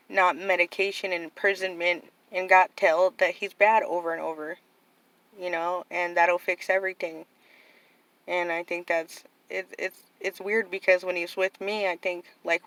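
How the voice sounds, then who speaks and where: A woman's voice: fairly low pitch, fairly bright tone, no room sound, low-quality recording. A middle-aged woman talking casually and earnestly to camera, rambling with lots of "like" and "you know". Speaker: vlogger.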